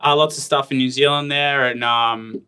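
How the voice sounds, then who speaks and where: A man's voice: medium pitch, steady tone, normal speed, pushed and bright, clean tone. An Australian man in his thirties, a guest telling stories in a casual interview, rambling with lots of "like" fillers. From Tasmania, Australia. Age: 30s. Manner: rambling, filler-heavy "like" storytelling. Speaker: guest, professional ironman athlete.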